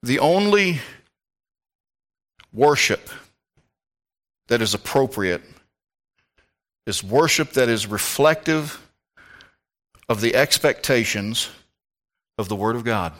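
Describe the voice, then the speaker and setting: A man preaching a sermon as pastor, fervent, swinging between shouts and hushed tones. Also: mid-range voice, lively intonation, slow pace, long pauses.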